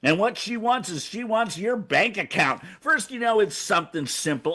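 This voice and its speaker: An older man delivers a comic rant over a video call. His voice is high, bright and very lively. He stammers and keeps breaking into shouted characters. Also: normal speed. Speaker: segment host.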